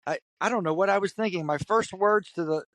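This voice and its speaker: Man, from Kentucky, interview guest, animated storyteller, acts out voices, dry close sound. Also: high voice, fairly quick, dry recording. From Kentucky, USA. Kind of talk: storytelling in conversation.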